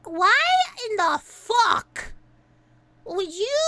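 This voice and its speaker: A young woman streamer chatting casually, excitable and swearing, ranting and laughing a lot. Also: very high voice, unhurried, very noisy.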